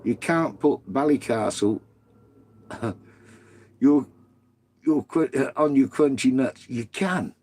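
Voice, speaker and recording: A man's voice: medium pitch, dark tone, breathy edge. A middle-aged man, chatting casually on a live stream, swearing freely and bantering with viewers. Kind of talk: casual live-stream chat reading comments.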